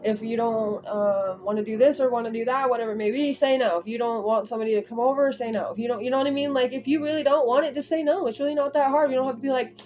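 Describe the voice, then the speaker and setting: A woman's voice: a little high, fast, hardly any pauses, darkish tone, a little hiss or hum. A woman giving a casual spiritual tarot reading, talking emphatically and rambling with lots of repetition. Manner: emphatic, rambling, repeats herself. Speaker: tarot reader.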